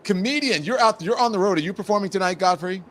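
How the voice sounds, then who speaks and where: A man hosting a live political talk show, introducing guests with booming energy. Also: fast, slight background noise. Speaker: host.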